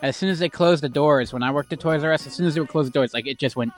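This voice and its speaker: A man co-hosts a casual podcast chat, often halting and restarting his sentences before landing a dry aside. His voice sits a little high for a man. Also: faint music behind. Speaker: podcast co-host.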